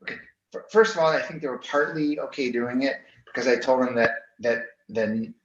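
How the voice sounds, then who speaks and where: Male guest storyteller, animated, slightly dull roomy recording. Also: medium pitch, brisk, far from the mic, background noise. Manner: animated, acts out quoted people. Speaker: interview guest, author. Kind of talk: storytelling in casual conversation.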